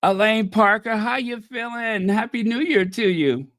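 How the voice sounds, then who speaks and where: A man hosting a casual livestream, excitable, greeting viewers by name and laughing often. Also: sits high, a little slow, dry recording, clean studio sound. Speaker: livestream host. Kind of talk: casual live-stream chat.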